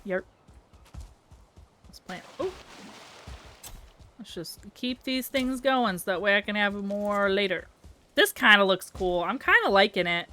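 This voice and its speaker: A young Southern woman streams herself building in a game, chatting to viewers and muttering her thoughts aloud, sounding sleepy and giggly. Her medium-pitched voice is bright, forceful, and animated. She speaks a little slowly, with long pauses.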